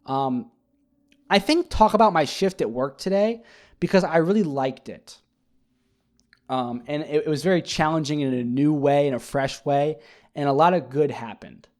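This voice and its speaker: A man's voice: on the high side, moderate pace. Rambling man recapping a show. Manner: rambling, animated, many fillers and restarts. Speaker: podcast host. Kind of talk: casual solo recap chat.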